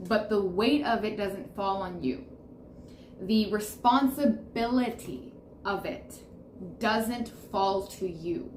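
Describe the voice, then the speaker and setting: A woman reading tarot to camera, speaking in a soothing, reassuring way and repeating affirmations. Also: medium pitch. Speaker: tarot reader. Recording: roomy echo with faint background noise.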